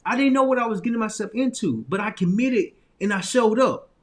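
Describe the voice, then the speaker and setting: A man with an Arkansas Southern accent tells a personal lesson in a relaxed, conversational way. His voice sits high for a man, and his phrasing loops back on itself with easy laughs. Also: brisk. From Little Rock, Arkansas, US. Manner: loose, repetitive phrasing with frequent laughs and restarts. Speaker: motivational speaker. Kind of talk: casual storytelling talk.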